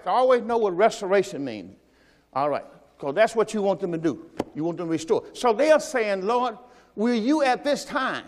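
A male pastor delivers a sermon at a church service, posing rhetorical questions and slowing to quote scripture with emphasis. His voice is extremely high-pitched, and the sound suggests a big room.

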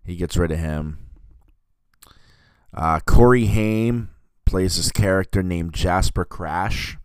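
A man's voice: deep voice, slow pace, clear, resonant tone, no echo. A man hosting a podcast, chatting casually about a film in a rambling way, full of fillers and self-corrections. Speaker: podcast host reviewing a film. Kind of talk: casual film review chat.

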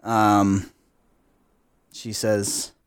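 A man narrating a tabletop role-play game as game master, in unhurried narration that often breaks into laughter. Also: on the low side, level tone, clean tone, no room sound, studio quality.

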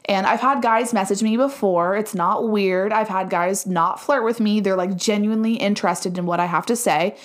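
A woman in casual podcast chat, telling a story in an animated way with plenty of fillers. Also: mid-range voice, normal speed, few pauses. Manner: chatty, animated retelling with many fillers.

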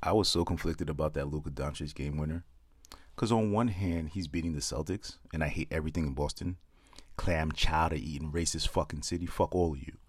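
A man's voice: a bass voice, brisk, slightly rough, dry recording. A young man doing a brash, profane stand-up monologue, breaking into chanted comic poems. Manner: brash, profane, rhythmic poem delivery. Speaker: comedian.

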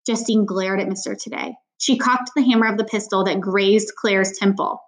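A woman's voice: mid-range voice, fairly even intonation, normal speed. A woman reading a novel aloud in a plain voice, stopping now and then for casual asides, with small slips in her reading. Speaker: audiobook reader.

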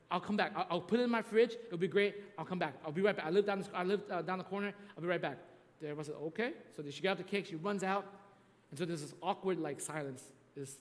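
A male preacher with a fairly high voice recounts a story to his congregation in a loose, chatty manner, restarting phrases and tagging lines with quick questions. The sound carries a long reverb from a large hall. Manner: conversational, repeats "right?", restarts often. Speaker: pastor. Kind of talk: sermon storytelling.

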